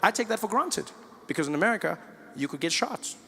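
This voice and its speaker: A man with a South African accent doing stand-up comedy, animated and playing the people in his stories. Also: high voice, brisk, gravelly, breathy edge, long reverb tail. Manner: animated, switches into playful character voices. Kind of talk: stand-up comedy with acted dialogue.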